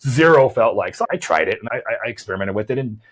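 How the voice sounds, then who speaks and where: A man's voice: lowish voice, lively intonation, fast, fairly bright tone. A man, a chiropractor hosting a podcast, explains weight loss in a conversational way, often repeating words as he thinks and checking in with "right?".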